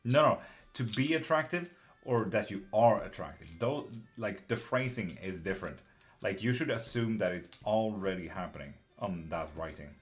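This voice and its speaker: A man doing live tarot readings, chatting breezily with viewers and answering questions quickly, with casual swearing. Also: fairly low pitch, expressive, soft background music. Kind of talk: casual live-stream chat.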